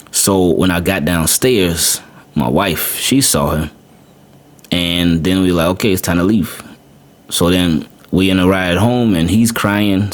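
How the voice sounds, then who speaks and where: A man hosting a podcast, telling a personal story casually, often repeating words and adding "man". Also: low-pitched. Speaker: podcast host. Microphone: podcast microphone.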